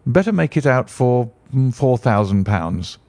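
A man voicing a calm, stern detective who explains in a measured way. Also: mid-range voice, dry recording. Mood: assured.

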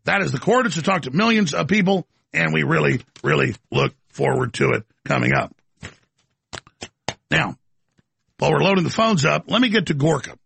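A man hosting a talk radio show, brash and hammering, repeating phrases for emphasis in a gravelly, raspy voice. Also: fairly high pitch, lively intonation, moderate pace, fairly bright tone, no room sound. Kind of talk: fast call-in radio monologue.

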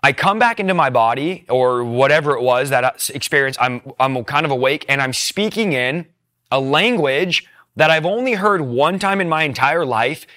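Young man, personal testimony, earnest, tearful, bright forceful tone. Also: fairly high pitch, animated, moderate pace. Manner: emotional, earnest storytelling. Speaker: testimony speaker.

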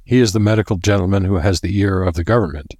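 A man's voice: low-pitched, fast, a little mellow, no room sound, studio quality. A man voicing an earnest, determined male doctor who speaks firmly and patiently. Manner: firm, patient.

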